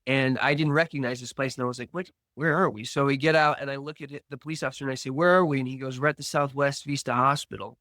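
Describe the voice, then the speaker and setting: Telling a personal story slowly and earnestly, a man on a podcast reenacts what the people in it said. His voice sits at a normal middle pitch with a flat delivery and sharp tone. The recording is close and dry, free of room sound.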